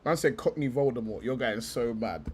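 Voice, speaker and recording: A young man hosting a casual live stream, reacting to clips in excited, laughing bursts and swearing freely. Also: medium pitch, a little fast, very noisy.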